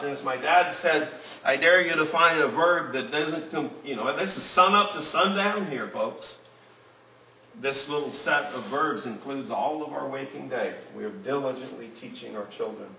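Earnest guy teaching bible class, voice kinda high, roomy echo, mic far off. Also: animated, normal speed, sharp tone. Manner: earnest, reads scripture aloud. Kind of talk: Bible lesson. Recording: roomy room, mic at a distance.

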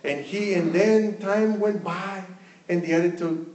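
A man, preaching a sermon as a pastor, slow and measured, with many "you know" fillers. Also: high-pitched, steady tone, darkish tone. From Mexico. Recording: echoey room from a distance.

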